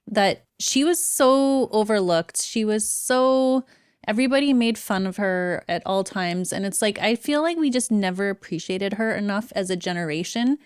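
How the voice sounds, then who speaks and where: Woman, middle pitch, casual podcast chat, giggly, dry close mic. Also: moderate pace, clean tone, no echo. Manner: giggly, agreeable, frequent laughter. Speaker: podcast co-host.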